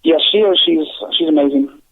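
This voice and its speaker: A man who writes children's books, talking earnestly as a radio guest with many halting restarts. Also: on the high side. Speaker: children's book author, guest. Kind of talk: casual interview chat. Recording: tinny phone line.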